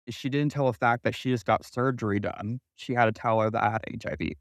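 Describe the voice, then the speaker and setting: A man's voice: medium pitch, steady tone, no room sound, clean studio sound. Young man telling a painful story. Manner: halting, pained recounting with many pauses. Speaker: guest. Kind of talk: personal storytelling.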